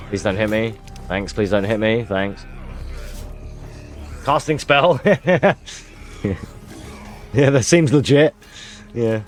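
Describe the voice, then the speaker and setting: A man streaming live gameplay, joking with his chat and explaining his moves as he plays. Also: fairly low pitch.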